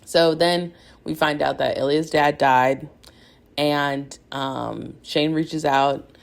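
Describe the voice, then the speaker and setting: A woman's voice: low-pitched, steady tone, slow pace, vocal fry. A young woman hosting a podcast, gushing in a rambling casual chat full of "like" and laughter as she recaps a TV episode. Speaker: podcast host.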